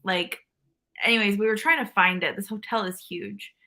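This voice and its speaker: A woman's voice: medium pitch, steady tone, moderate pace, pushed and bright. A woman guest on a podcast telling a rambling story with lots of fillers and restarts. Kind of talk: casual chat.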